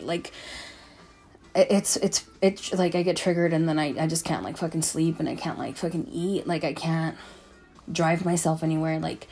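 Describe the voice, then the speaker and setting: Young female vlogger, low-pitched with vocal fry; loose, profane, filler-heavy storytelling. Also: fairly quick, dark tone, soft background music. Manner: rambling, profane, lots of "like" and "um". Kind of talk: casual storytime monologue.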